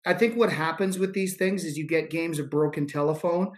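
A man's voice: a little high, fairly quick. A man hosting a podcast, asking questions and giving his views in a blunt, emphatic way, with some swearing. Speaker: podcast host. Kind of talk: conversational interview.

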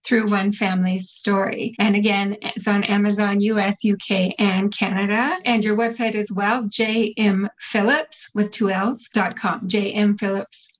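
A woman's voice: medium pitch, fairly even intonation, measured pace, hardly any pauses, poor audio. Brief: woman host, upbeat and encouraging, interview talk. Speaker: podcast host. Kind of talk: interview conversation.

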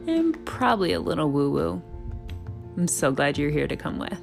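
A woman's voice: low voice, very animated, moderate pace, creaky, over music. A woman hosting her own podcast, talking candidly and searchingly through her own questions in a reflective solo monologue. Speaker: podcast host.

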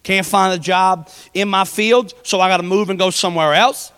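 A man's voice: high voice, fairly even intonation, moderate pace, a bit bright, clear, resonant tone, big-room sound. A man, preaching a sermon in a conversational way, full of personal stories. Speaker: pastor.

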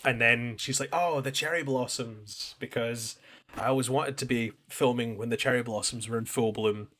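Man, bright tone, casual rambling podcast talk, acts out quotes. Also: medium pitch, normal speed. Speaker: podcast co-host. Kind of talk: casual chat recapping an anime.

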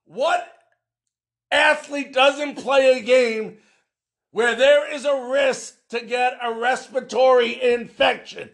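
Man, sports podcast host, very high voice, slow, loud and emphatic. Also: steady tone. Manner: loud, emphatic, often shouting, fillers.

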